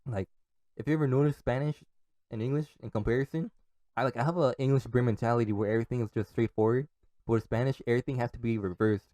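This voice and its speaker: A man's voice: mid-range voice, steady tone, fast, dark tone, dry recording. A young man hosting a podcast alone, talking in a casual, rambling way, swearing a lot and laughing often. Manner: profane, laughs often, restarts and trails off. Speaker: podcast host.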